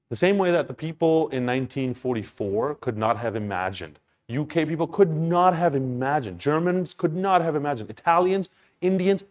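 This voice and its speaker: A man giving an emphatic, profane talk about crypto markets to an audience, swinging from hushed asides to near-shouts. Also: mid-range voice. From Canada. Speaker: crypto speaker.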